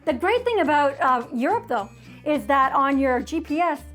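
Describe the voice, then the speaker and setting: A woman with a bright, high-pitched voice shares travel advice in a casual, chatty vlog. She tells her stories with easy laughter, and faint music plays underneath. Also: lively intonation, moderate pace. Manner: chatty storytelling, laughs easily. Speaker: travel vlogger co-host. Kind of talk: casual travel tips chat.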